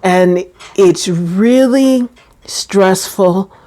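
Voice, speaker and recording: Slow-talking, chatty woman who laughs a lot. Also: medium pitch, dark tone. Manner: chatty, laughs often, drifts into quoted voices. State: getting teary. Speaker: channel host sharing her experience. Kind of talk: personal talk to camera.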